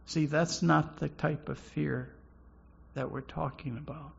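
A man preaching a sermon slowly and haltingly, often repeating words as he goes. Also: fairly high pitch, fairly even intonation, gravelly, husky, highs cut off. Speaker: pastor.

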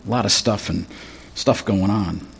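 Guy preaching a bible study sermon, low husky voice, keeps clearing his throat. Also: a little slow. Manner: teaching through scripture verse by verse, conversational asides.

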